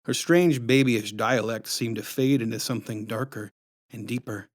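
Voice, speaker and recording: A man reading his own storybook aloud with expressive, dramatic narration. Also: mid-range voice, moderate pace, no echo, studio quality.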